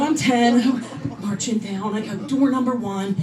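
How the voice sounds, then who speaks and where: A woman comedian telling an energetic stand-up story. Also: fairly high pitch, measured pace, far from the mic, a loud crowd, very noisy.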